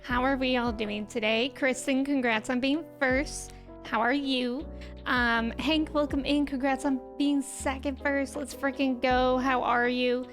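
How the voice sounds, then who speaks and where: A woman's voice: high voice, steady tone, measured pace, faint music behind. A young woman streamer with a just-woken morning voice, chatting casually and bubbly with her viewers, full of "um" and "like". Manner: chatty, bubbly, many fillers like "um" and "like". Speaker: streamer greeting chat. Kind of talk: casual live-stream chat.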